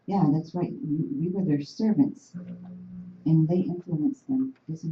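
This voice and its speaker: Low-voiced woman telling an animated story. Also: a little slow, a little hiss or hum. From Oneida Nation. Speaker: panel speaker. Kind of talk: storytelling talk to an audience. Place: university meeting room. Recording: roomy, dull room recording.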